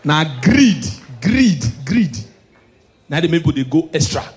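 A man with a Nigerian accent doing stand-up comedy, swinging from hushed asides to shouted punchlines. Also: on the high side, sing-song, a little slow.

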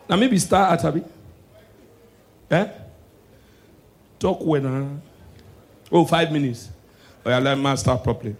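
A young man with a Nigerian accent doing live stand-up comedy, excitable and shouting his punchlines. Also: a little high, unhurried, long pauses.

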